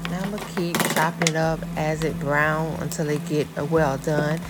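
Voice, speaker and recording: A woman's voice: sits low, fairly even intonation, moderate pace, very noisy. A woman narrating her home cooking for viewers in a chatty, casual way, calling them y'all. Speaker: cooking vlogger.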